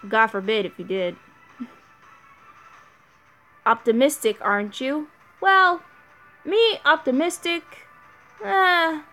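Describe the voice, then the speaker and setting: Slow-talking woman rambling over gameplay. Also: on the high side, bright, forceful tone. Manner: rambling, restarts sentences often. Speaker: gaming channel host. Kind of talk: casual gameplay commentary.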